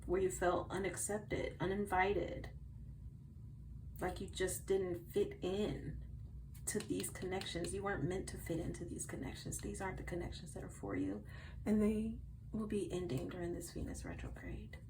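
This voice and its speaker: A woman's voice: on the low side, normal speed, background noise. Chatty woman giving a tarot reading. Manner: chatty, bursts into giggles, shifts from soft murmurs to loud outbursts. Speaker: tarot reader. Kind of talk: casual tarot reading chat.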